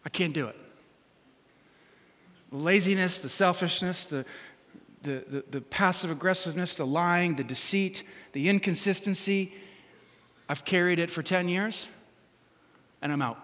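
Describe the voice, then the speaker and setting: A man preaching a sermon as pastor, animated and humorous, acting out quotes from everyday life. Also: sits high, moderate pace, long reverb tail.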